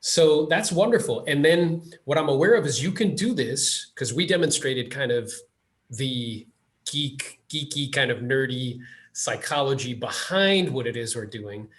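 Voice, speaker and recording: An animated man hosts a podcast in a casual interview chat, speaking in a mid-range voice at a measured pace. He tells stories with energy and acts out quotes.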